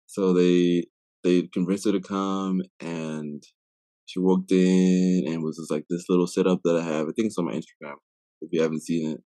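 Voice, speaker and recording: Young african guy, low deep voice, casual storytelling on a podcast, acts out the dialogue, says "like" a lot, dry close sound. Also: normal speed, no echo. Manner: lively storyteller who acts out quoted dialogue, with frequent "like" fillers. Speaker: podcast guest.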